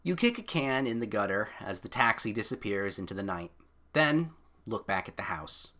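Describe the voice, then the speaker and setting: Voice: mid-range voice, sing-song, normal speed, fairly bright tone. A streamer reading an interactive novel aloud in a casual, self-mocking way, with offhand swearing and chatty asides.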